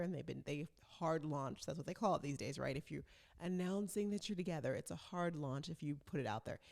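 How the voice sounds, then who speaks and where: A woman's voice: low voice, creaky, a little mellow. A woman hosting her own vlog, chatting casually and rambling along as a self-described talker. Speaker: vlog host. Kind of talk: casual chat.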